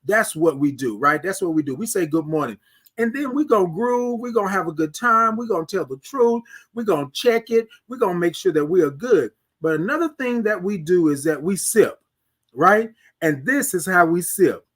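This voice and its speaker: A man with a Texan accent hosting a live morning stream, chatting with viewers and singing out long, drawn-out greetings. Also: sits high. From Texas. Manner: animated, sings out drawn-out greetings. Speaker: host.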